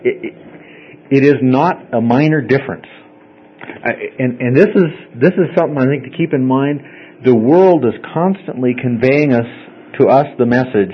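A male Bible study teacher at an ordinary pitch talks a class through a passage step by step, his tone relaxed and conversational. He keeps checking in with his listeners as he goes. The recording is a little dull and lo-fi, with a faint hiss of noise underneath. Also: normal speed.

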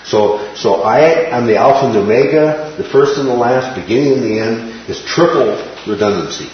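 A man's voice: medium pitch, lively intonation, moderate pace. A man teaching a Bible study class. He explains verses and keeps checking in with his listeners by asking "right?" and "okay?". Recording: very echoey, dull room sound with faint hiss.

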